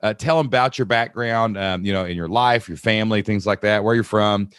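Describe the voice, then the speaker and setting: A man's voice: fairly low pitch, fairly quick, a bit bright, smooth, dry recording, studio quality. Upbeat Kentucky-accented male podcast host. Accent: Appalachian Kentucky mountain accent. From Southeast Kentucky. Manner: upbeat, folksy, chatty. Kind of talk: casual podcast conversation.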